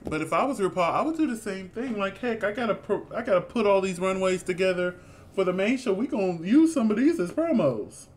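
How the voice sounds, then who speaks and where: A man co-hosting a casual review chat, animated and exclamatory, with sassy asides. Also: sits high, brisk. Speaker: co-host reviewing a reality show.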